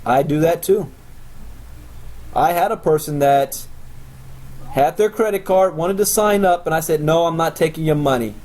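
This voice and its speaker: A man with a slightly high voice runs a sales training session. He is blunt and confrontational, boasting about his methods and lecturing his listeners. He swings from steady instruction into mocking, scornful jabs. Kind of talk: recorded motivational training talk.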